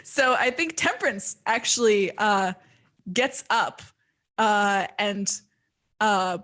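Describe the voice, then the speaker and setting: A woman's voice: mid-range voice, animated, takes it slowly, a bit bright. A woman playing a tabletop game, thinking aloud with many fillers. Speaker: player. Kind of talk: casual chat at a tabletop game.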